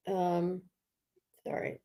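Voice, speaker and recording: Woman, slightly low voice, livestream host, casual and enthusiastic, video call. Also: completely flat delivery, extremely slow, mellow. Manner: enthusiastic, greets chat viewers. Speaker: psychic medium host.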